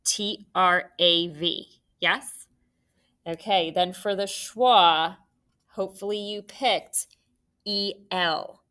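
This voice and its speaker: A woman teaching a phonics lesson to young children, giving slow, clear, encouraging instructions. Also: lowish voice, pushed and bright.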